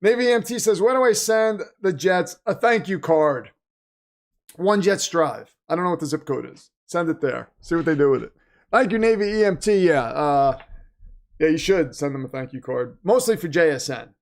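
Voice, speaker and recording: A man's voice: a little high, expressive, a little fast. A man hosting a live game watch-party stream, chatting casually, joking and reading out donations. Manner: chatty, joking, reads donations aloud, mocks the team's managers. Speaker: livestream host.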